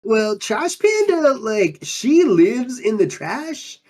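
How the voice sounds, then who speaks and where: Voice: medium pitch, sing-song, takes it slowly, a little mellow. A performer playing a laid-back undine monk who talks in drawling surfer slang, in an improvised in-character interview. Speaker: player character.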